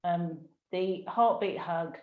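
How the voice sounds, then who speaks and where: A woman's voice: on the low side, very noisy. Heartfelt older woman in an echoey room. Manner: heartfelt, emotional, unhurried. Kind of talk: casual conversation. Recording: echoey room, dull lo-fi sound.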